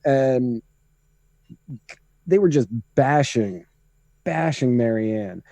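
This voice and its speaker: A man's voice: mid-range voice, lively intonation, very slow, gravelly, dark tone, no echo. A man co-hosting a podcast, giving opinionated, rambling political takes in casual chat. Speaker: podcast co-host.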